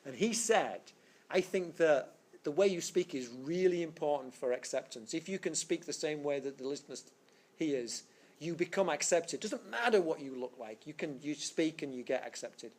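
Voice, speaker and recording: A man's voice: on the high side, lively intonation, normal speed, a little mellow. A man lecturing a physics class in a rambling way, full of fillers and restarts. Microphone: screencast recording.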